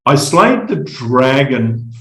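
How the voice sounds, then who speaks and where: A middle-aged Australian man telling his personal story as a podcast guest, halting and reflective, often repeating words. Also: medium pitch, big pitch swings, sharp tone, echoey room, low-quality recording.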